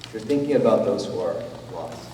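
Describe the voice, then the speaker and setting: A man preaches in a relaxed, conversational way, his low, warm voice gentle rather than forceful. He sounds set back from the microphone. A long church-hall reverb trails each phrase. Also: brisk, a little hiss or hum. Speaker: pastor. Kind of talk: sermon. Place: church sanctuary. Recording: roomy church hall, from a distance.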